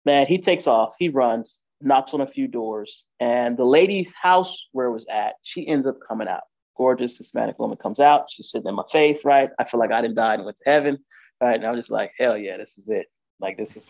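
Gravelly man telling his story casually. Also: mid-range voice, darkish tone. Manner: loose and conversational, with frequent fillers and "right?" checks. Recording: dull lo-fi recording.

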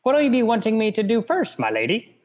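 A man's voice: high-pitched, wildly swooping pitch, fast, pitched above the performer's own voice, rough recording. A man voicing a fierce, superstitious older female servant while reading a novel aloud in casual chat, in an intense, ominous manner.

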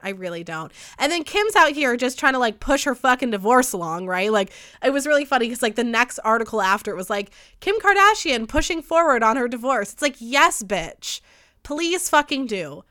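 Bright, fired-up young woman podcaster. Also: on the high side, very animated. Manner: fired-up, profane, gossipy, fast bursts. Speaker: podcast host. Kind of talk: casual solo podcast rant. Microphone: studio microphone.

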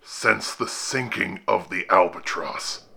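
Male reader plays a pleading, pious castaway from the fog; gravelly, slow and hushed. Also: sits low, full character voice. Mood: hushed sorrowful. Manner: slow, halting, subdued delivery. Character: hidden castaway man, sorrowful, pious, pleading. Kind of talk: audiobook horror reading.

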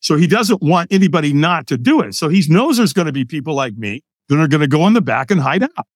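Older man telling a lively story. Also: fairly high pitch, fast talker, dry recording, clean studio sound. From United States. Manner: lively, acts out other people's lines. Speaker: podcast guest. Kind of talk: animated personal storytelling.

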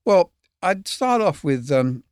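A man's voice: high-pitched, very animated, takes it slowly, darkish tone, clear, resonant tone, no echo, studio quality. An older man, a film cameraman telling rambling, candid stories as a guest. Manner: rambling, candid, swears casually, chuckles. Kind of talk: anecdotal storytelling.

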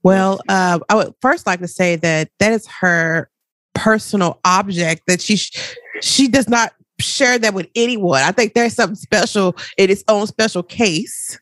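A woman's voice: mid-range voice, a little slow, a bit bright, no room sound. A woman moderating a casual panel discussion, politely asking others for their opinions. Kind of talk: casual group chat.

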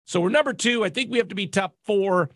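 A man co-hosting a sports podcast, excitable and mock-indignant in casual banter. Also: high-pitched, quick pace, no room sound, clean studio sound. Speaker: podcast co-host.

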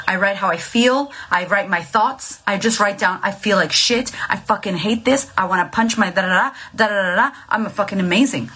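A woman's voice: mid-range voice, a bit bright, slightly rough. A woman, likely in her thirties, giving blunt, profane mental health advice in a casual, emphatic coaching monologue.

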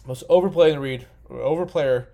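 Tipsy, profane young man, slightly high voice. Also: a little fast, gravelly. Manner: profane, rambling, excitable. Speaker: podcast host. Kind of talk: casual solo commentary.

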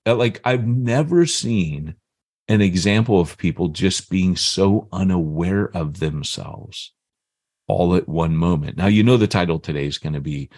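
A man's voice: deep voice, unhurried, no room sound, clean studio sound. A man in his fifties, a podcast co-host, casually telling a story and acting out the people in it. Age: 50s. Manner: animated, acts out the voices in his story.

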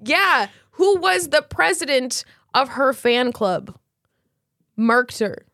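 A woman's voice: high-pitched, animated, slow pace, creaky, bright, forceful tone, no room sound, clean studio sound. A woman co-hosting a podcast, telling a story in casual chat with slang and lots of fillers. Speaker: podcast co-host.

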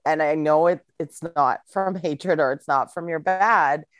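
Woman co-host, low pitch, reflective and agreeable, dry close recording. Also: a little slow, no echo. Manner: reflective, backchannels with soft agreement. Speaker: podcast co-host. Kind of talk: casual conversational podcast.

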